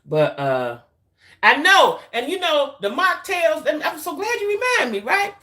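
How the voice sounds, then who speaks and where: Very animated yet measured in pace, a middle-aged woman with a deep voice sounds pushed and bright as she hosts her YouTube channel's loose, casual live-stream chat. She rambles chattily, repeats things, and talks to viewers as y'all.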